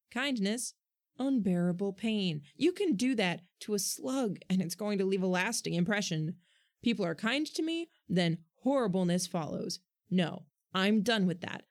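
A woman's voice: medium pitch, darkish tone, close to an everyday voice. A woman voicing a wry, guarded boy in a storybook reading, close to her own voice.

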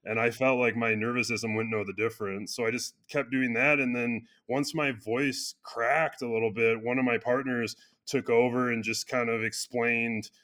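A chiropractor being interviewed, talking earnestly in a casual conversation with loose restarts and frequent fillers. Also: male voice, mid-range voice, flat delivery, moderate pace, hardly any pauses, bright, forceful tone. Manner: earnest, speaks in loose restarts with many "you know" fillers. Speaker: chiropractor and clinic founder.

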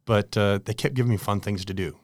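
A man's voice: lowish voice, quick pace, dry recording, studio quality. An American man in his forties, a guest in an interview, telling stories in a chatty way with laughs. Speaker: guest, product manager. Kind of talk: casual interview storytelling.

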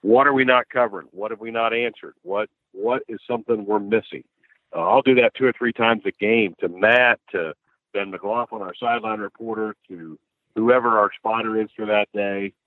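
A man, a sportscaster from the American Midwest, telling stories in a casual interview with lively restarts and laughs. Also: on the low side, moderate pace, no room sound. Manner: animated storyteller, frequent restarts and laughs. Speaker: sportscaster guest. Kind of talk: conversational interview storytelling. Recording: dry, phone-like narrow line.

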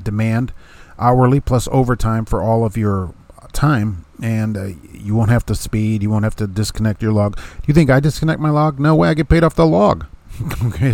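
A man's voice: fairly low pitch, a little mellow, no echo. A man hosting a podcast about trucking, talking casually in a folksy, emphatic way and answering his own rhetorical questions.

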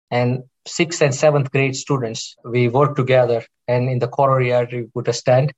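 A man's voice: mid-range voice, dull audio. A middle-aged man, a cardiologist guest, chatting casually and telling rambling stories with many restarts. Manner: rambling, warm storytelling with restarts. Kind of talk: casual interview chat.

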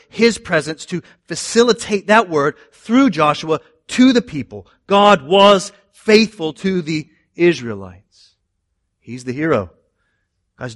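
A man preaching a sermon in an animated way, moving between loud emphasis and quiet asides. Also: a little high, no room sound, studio quality. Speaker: pastor.

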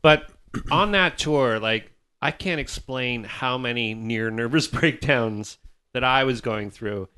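A man in casual band chat, telling tour stories in an animated way, acting out quotes and swearing. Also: mid-range voice, slow pace, smooth.

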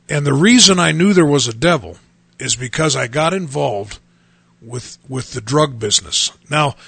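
A man's voice: mid-range voice, gravelly, pushed and bright, slightly rough, dry recording. A man in his fifties, a pastor and radio host, preaching a testimony in an earnest, emphatic way, repeating phrases for stress. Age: 50s.

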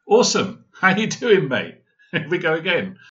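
A man's voice: fairly high pitch, big pitch swings, moderate pace, fairly bright tone, dull audio. A British man co-hosting a podcast, joking around in upbeat banter. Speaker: podcast co-host. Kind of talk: casual podcast chat.

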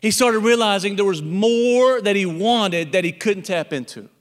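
High-voiced pastor in a reverberant hall. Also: male voice, normal speed. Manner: storytelling, acting out animal characters in the parable. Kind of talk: sermon.

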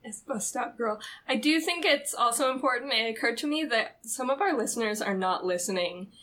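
A woman's voice: a little high, lively intonation, a little fast, fairly bright tone. A woman co-hosting a podcast in casual chat, rambling and full of "like", laughing often. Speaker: podcast co-host.

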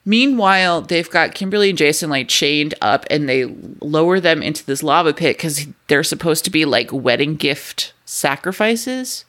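A man's voice: a little high, expressive, normal speed, hardly any pauses, fairly bright tone. A man co-hosting a podcast, recapping a movie plot casually, laughing and swearing often. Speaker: podcast co-host. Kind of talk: casual chat, movie review.

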